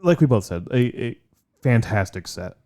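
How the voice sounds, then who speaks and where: A man's voice: medium pitch, lively intonation, moderate pace, darkish tone. A man co-hosting a podcast in casual chat, enthusiastic and swearing freely. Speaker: podcast co-host.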